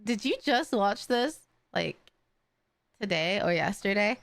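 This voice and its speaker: A woman streamer chatting casually on a live stream, excitable and swearing freely. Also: medium pitch, unhurried, creaky, dry recording. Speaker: streamer reacting to a video.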